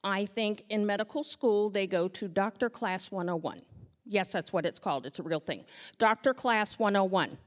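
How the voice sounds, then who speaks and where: A woman of ordinary pitch tells a funny story from her own life to a live audience, acting out each scene as she goes. Her delivery is lively and self-mocking. Her voice rings out with the long reverb of a big hall. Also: moderate pace. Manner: animated, acts out scenes, self-mocking humor. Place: stage before an audience.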